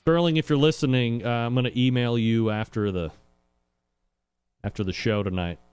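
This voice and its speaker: A man's voice: mid-range voice, moderate pace, darkish tone, clean tone. A man hosting a live call-in show from his home studio, joking and rambling with lots of "uh"s. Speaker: talk show host. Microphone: studio microphone.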